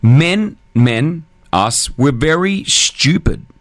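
A man's voice: fairly high pitch, expressive, drawn-out words, fairly bright tone, dry recording. A man hosting a casual call-in radio chat, talking loosely with lots of fillers. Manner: chatty, loose, filler-heavy. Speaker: radio host.

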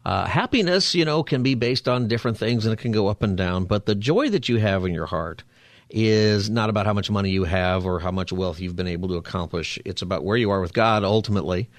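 Low-voiced male radio talk host. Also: brisk, no room sound. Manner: conversational, preachy, upbeat. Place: radio studio. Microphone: studio mic.

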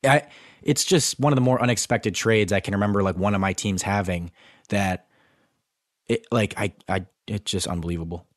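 Lower-voiced young man, stumbling excitedly. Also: normal speed, no room sound, studio quality. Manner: stumbling restarts, breathless disbelief. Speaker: podcast co-host. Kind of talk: excited sports podcast chat.

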